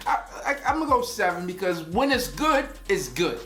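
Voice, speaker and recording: A man's voice: high-pitched, very animated, moderate pace, sharp tone, soft background music. Joking man in a roomy room. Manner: joking, rambling storyteller. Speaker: fragrance reviewer. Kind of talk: casual review vlog. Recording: roomy echo.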